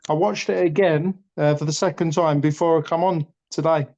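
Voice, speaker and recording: A fired-up man talking boxing in casual chat, blunt and quick to swear. His voice sits a touch high for a man. The recording is dull and lo-fi. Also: steady tone, a little mellow. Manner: blunt, passionate, swears freely. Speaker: boxing pundit. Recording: dull lo-fi audio.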